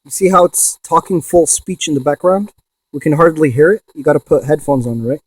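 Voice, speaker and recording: A man in a ghost box session vlog, excitedly calling out to spirits and swearing when he insists to viewers. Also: fairly high pitch, fairly quick, husky, dry recording. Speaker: paranormal investigator.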